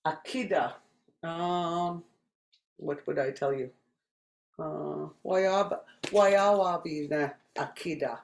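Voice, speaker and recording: A language teacher from Saskatchewan, Canada, giving a spoken lesson and repeating each word slowly and deliberately. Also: medium pitch, vocal fry, reverberant.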